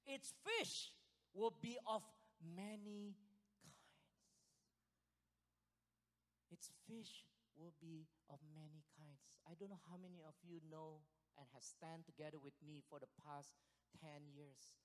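A man preaching a sermon as pastor, excitable and animated, breaking into loud bursts and laughing, a little out of breath. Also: on the high side, measured pace. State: sweating, short of breath at times. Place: church hall. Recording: long hall reverb.

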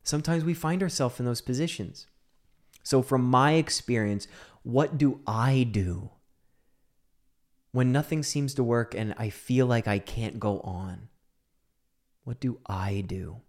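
A man speaks at a middle pitch, telling a personal story in a heartfelt talk. He drops to hushed whispers, then breaks into emphatic, dramatic bursts. He talks into a microphone. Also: unhurried. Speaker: speaker on mental health.

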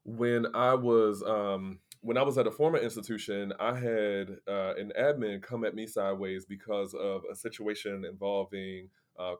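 Animated man telling a workplace story. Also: fairly low pitch. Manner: animated, acts out quoted people. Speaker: podcast co-host. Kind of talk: casual storytelling chat.

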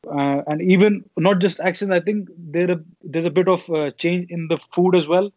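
A man's voice: high-pitched, fairly even intonation, normal speed, darkish tone, no room sound. A young man from India co-hosting a podcast, chatting casually with long, meandering explanations. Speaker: podcast co-host. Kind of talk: casual chat. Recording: dull lo-fi sound.

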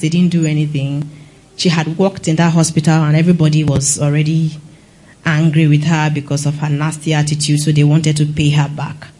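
A woman's voice: sits low, darkish tone, rough recording. A young woman giving a personal testimony, telling her story earnestly and acting out what others said. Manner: earnest storytelling with acted quotes. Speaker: testimony speaker.

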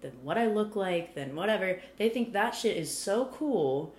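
A woman from Kentucky, a podcast guest chatting casually in a rambling way, full of "like" fillers, retelling a story with lively energy. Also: mid-range voice, normal speed. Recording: roomy echo.

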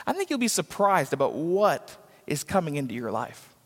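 A man with a fairly high, fairly bright voice preaches at normal speed in a sing-song cadence. As pastor, he leans on repetition and impersonates the people he quotes, and the sanctuary recording has noticeable church hall reverb.

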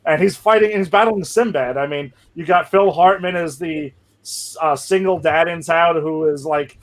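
Enthusiastic higher-voiced man on a podcast. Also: normal speed. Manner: enthusiastic, stammering restarts. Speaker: podcast co-host. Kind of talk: casual chat.

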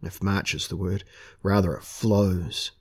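A man reading a fantasy novel aloud in a grave, measured manner. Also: deep voice, fairly even intonation, husky. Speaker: audiobook narrator. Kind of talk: scripted fantasy narration.

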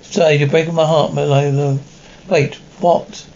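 A man's voice: on the high side, little pitch movement, measured pace, darkish tone, muffled recording. A man voicing a devoted, hard-working single mother who talks in a tender, pleading way.

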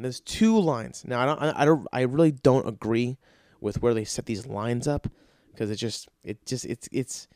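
A man's voice: mid-range voice, a little mellow, dry recording. A man telling a stand-up story, cursing a lot and working himself up into exasperated rants. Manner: profane, ranting, exasperated outbursts. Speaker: comedian.

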